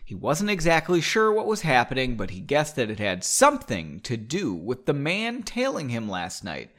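A man's voice: medium pitch, huge pitch swings, normal speed, a bit bright. A man hosting a casual show, chatting and reading his story aloud with frequent digressions and laughs. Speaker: podcast host reading his own story.

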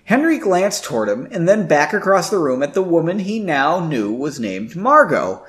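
A man's voice: fairly high pitch, big pitch swings, moderate pace, hardly any pauses, fairly bright tone. A man reading a story aloud, breaking off for wry comments on the writing. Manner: wry, self-interrupting commentary. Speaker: reader.

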